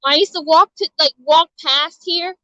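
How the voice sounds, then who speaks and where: High-voiced woman telling a story outdoors. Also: normal speed, sharp tone, no echo, highs cut off. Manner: rambling, earnest, many fillers and restarts. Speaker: vlogger sharing a testimony. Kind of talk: casual storytelling to viewers. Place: outdoors in her childhood neighborhood. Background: music.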